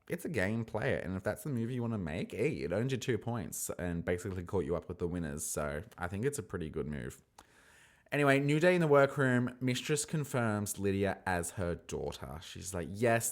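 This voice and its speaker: A man hosting a casual solo podcast recap, playful and animated, acting out quotes in shifting voices. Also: sits low. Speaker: podcast host recapping a reality show.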